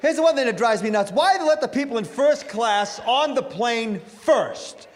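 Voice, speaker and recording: A middle-aged man doing a stand-up comedy routine on a club stage, with a brash, punchy delivery and sudden loud bursts. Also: very high voice, animated, normal speed, a little hiss or hum.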